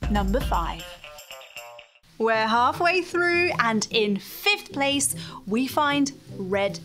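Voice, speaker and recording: A woman narrates a scripted countdown in a playful, wry tone. Her voice sits on the higher side and she takes her time over each point. Soft music plays faintly underneath. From Russia. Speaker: host.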